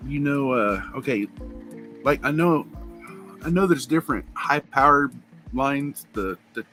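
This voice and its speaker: A man's voice: mid-range voice, lively intonation, unhurried, bright, forceful tone, faint music behind. Rambling storytelling man, drawl. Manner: rambling storyteller, laughs at his own stories. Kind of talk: casual chat.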